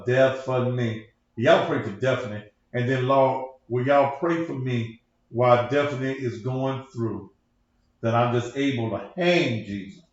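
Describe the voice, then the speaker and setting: Male pastor-host, loose profane preacher delivery, very echoey lo-fi recording. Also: mid-range voice. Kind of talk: casual livestream talk. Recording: echoey room, dull lo-fi sound.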